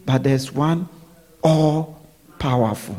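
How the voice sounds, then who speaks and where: Slow and warm, with a medium-pitched voice, a male preacher delivers a sermon. He goes over his points again and again, regularly asking the congregation if they're with him.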